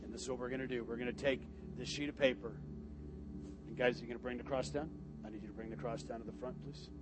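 A man's voice: medium pitch, fairly even intonation, fast. Man preaching a sermon over music. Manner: swings from quiet instruction to shouted climax. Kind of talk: sermon with altar call. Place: church sanctuary.

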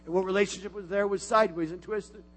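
High-voiced preaching man in a hall. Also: fast. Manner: animated preaching, swinging from quiet asides to loud exclamations. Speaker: pastor. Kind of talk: sermon. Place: church sanctuary. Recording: long reverb of a large church hall.

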